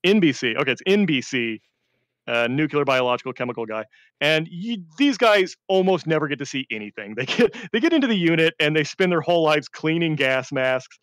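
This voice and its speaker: A man, a veteran, telling war stories in a rambling casual chat, often laughing and swinging between deadpan and excited. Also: a little high, brisk, dry recording. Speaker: veteran storyteller.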